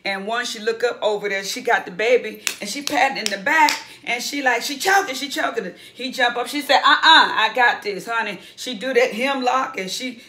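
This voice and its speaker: A woman's voice: fairly high pitch, brisk, hardly any pauses, a bit bright, a little hiss or hum. A woman casually recapping a reality show, chatty and blunt, swearing freely and acting out what the cast said.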